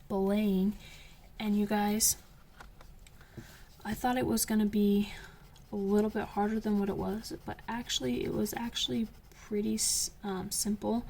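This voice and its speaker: A young woman and coloring channel host chatting casually as she tells a story, slipping into whispers when excited. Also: mid-range voice, creaky, slight background noise. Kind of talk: casual chat while coloring.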